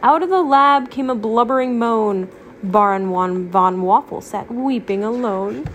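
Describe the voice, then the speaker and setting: A mother reading a rhyming picture book aloud to her child at home, gently explaining words. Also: on the high side, unhurried, slight background noise.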